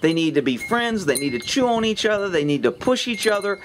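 A man's voice: sits high, very animated, brisk. A man, a horse trainer, talking bluntly and with cursing in a casual outdoor vlog by a pasture. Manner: blunt, ranting, profane. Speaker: horse trainer, channel host. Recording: wind hitting the microphone. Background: wind and wind chimes.

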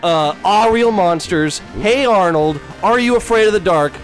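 Excitable, foul-mouthed young gamer guy. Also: high voice, normal speed. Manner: excitable, swears a lot, shouts when winning. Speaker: let's play host. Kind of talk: casual gaming chat. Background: faint game music.

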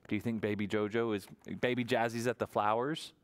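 A man reading a picture book aloud at a library toddler storytime, in an animated sing-song way and often asking the children questions. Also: fairly low pitch, a little fast, clean tone. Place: public library storytime room.

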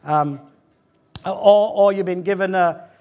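A male preacher with a British accent delivers a lively church sermon. His voice sits very high, and his delivery is fervent. He calls out to the congregation and jokes with them. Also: slow. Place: church hall.

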